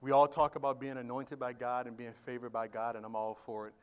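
A man preaching a sermon as pastor, swinging from quiet talk to loud shouted emphasis and asking the congregation questions. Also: medium pitch, flat delivery, fairly quick, smooth. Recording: live church sermon audio.

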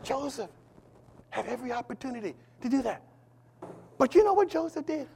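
A male pastor preaching a sermon, calling out to the congregation for responses and swinging between loud declarations and hushed asides. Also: extremely high pitch, lively intonation, a little fast, gravelly, husky. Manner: preaching with call-and-response, swings between shouting and near-whisper.

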